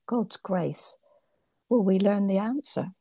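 Woman, mellow gravelly voice with a dry sound. Hesitant and earnest, on a tablet call. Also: mid-range voice, slow, no room sound. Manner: hesitant, lots of ums, warm and earnest. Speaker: church member sharing reflections. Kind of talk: casual reflective chat. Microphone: tablet on video call.

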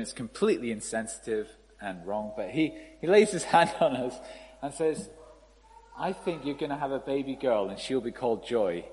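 A man preaching a sermon in a relaxed, conversational storytelling manner. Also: medium pitch. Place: church. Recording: reverberant hall, faint ambience.

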